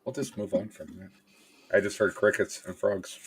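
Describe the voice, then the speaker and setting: A man's voice: fairly low pitch, flat delivery, moderate pace, husky. A man co-hosting a casual sports chat, laid-back, with short asides. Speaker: podcast co-host.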